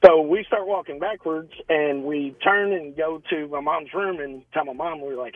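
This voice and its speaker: A man's voice: fairly high pitch, moderate pace, hardly any pauses, no echo, narrow, tinny audio. A man from Louisville calling into a radio show, earnestly telling a story that still shakes him. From Louisville, Kentucky, US. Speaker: caller. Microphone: phone.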